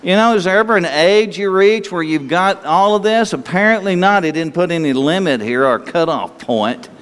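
A man preaching a conversational sermon, slightly hoarse with an itchy throat, asking his listeners questions in a folksy way. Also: high-pitched, normal speed, a bit bright. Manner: folksy, asks the listeners questions, laughs easily. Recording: long hall reverb.

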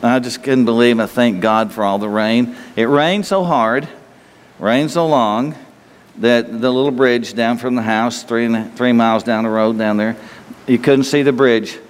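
A man preaching a conversational sermon, slightly hoarse with an itchy throat, asking his listeners questions in a folksy way. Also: medium pitch, normal speed. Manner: folksy, asks the listeners questions, laughs easily. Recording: long hall reverb.

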